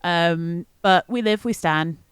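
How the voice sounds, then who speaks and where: Smooth-voiced woman in casual podcast chat. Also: fairly low pitch, takes it slowly, dry recording. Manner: chatty, laughs often, many ums. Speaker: podcast co-host.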